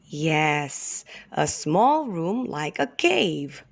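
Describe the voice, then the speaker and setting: A woman teacher reading a Bible story aloud to kindergarten children, expressive and asking them questions. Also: medium pitch, slow pace, gravelly, husky. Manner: expressive, addresses the children directly.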